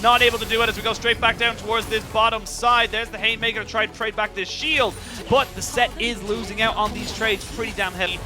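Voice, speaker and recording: A man calls an esports match play by play in a very high voice, getting excitable at the big plays. Loud game music plays under his commentary. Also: a little fast. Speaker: esports caster.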